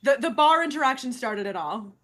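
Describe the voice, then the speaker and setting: Bright, high, lively woman co-host. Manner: quick to correct and protest. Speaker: podcast co-host. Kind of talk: casual chat recap.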